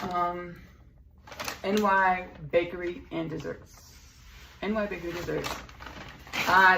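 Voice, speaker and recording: Chatty Texan woman with gravelly fry. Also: lowish voice, noisy background. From Texas. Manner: rambling, chatty, playful asides. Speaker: vlogger. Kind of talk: casual vlog chat.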